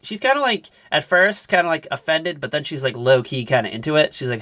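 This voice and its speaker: A young man co-hosting a podcast, casually retelling a sitcom episode with lots of fillers and animated asides. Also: a little high, a little fast, hardly any pauses, no room sound, clean studio sound. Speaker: podcast co-host. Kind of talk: casual recap chat.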